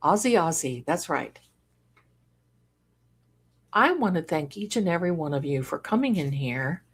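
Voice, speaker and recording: A woman's voice: lowish voice, unhurried, pauses often, husky. Gushing woman livestream host. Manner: effusive, gushing over viewers with sudden excited exclamations. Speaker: livestream host and card reader. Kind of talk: casual livestream chat, reading viewer comments aloud.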